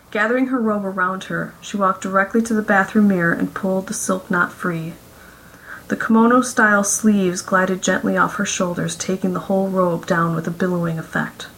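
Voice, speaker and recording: A woman narrating a romance story in a smooth, even reading voice. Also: medium pitch, rough recording. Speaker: audiobook narrator.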